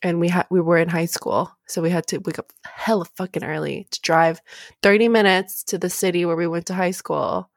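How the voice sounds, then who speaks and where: A woman's voice: lowish voice, fairly even intonation, brisk, dry recording, studio quality. A young adult woman co-hosting a podcast in casual chat, blunt and emphatic with a lot of swearing. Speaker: podcast co-host.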